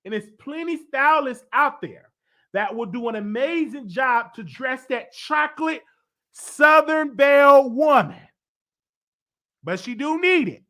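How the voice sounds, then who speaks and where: Animated stuffy-nosed man dishing gossip. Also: normal speed. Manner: animated, swoops up high for emphasis. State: congested, stuffy voice. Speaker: host of a celebrity gossip show. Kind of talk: opinionated celebrity commentary.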